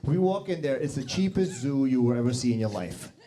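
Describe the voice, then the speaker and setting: A man's voice: mid-range voice, lively intonation, a little fast, dark tone, a little hiss or hum. A man doing a crude, crowd-teasing stand-up set on a studio stage. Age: 40s. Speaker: stand-up comedian. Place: TV studio stage with live audience.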